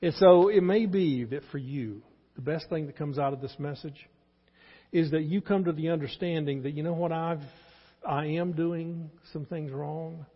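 Speaking at a normal pace in a slightly high, somewhat rough voice, this man in his sixties delivers a sermon with a Texan accent, pleading earnestly and going back over his key points. It's a dull, lo-fi capture from a church sanctuary, washed in long reverb.

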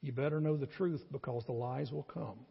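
A man's voice: mid-range voice, fairly quick, vocal fry, breathy edge. A man preaching a sermon as pastor, earnest and emphatic, with rising bursts of intensity. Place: church sanctuary. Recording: muffled church recording with long reverb.

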